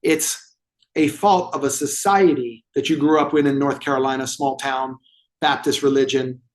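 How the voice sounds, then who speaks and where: A man's voice: medium pitch, fairly even intonation, moderate pace. A man telling a client story as a guest in an interview, acting out the dialogue with animation. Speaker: movement therapy expert guest.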